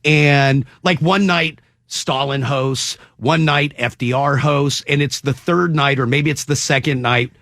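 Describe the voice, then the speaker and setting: A man's voice: mid-range voice, steady tone, a little slow, few pauses, fairly bright tone, dry recording. A male morning radio host interviewing a guest in the studio, joking and teasing him. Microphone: studio microphone.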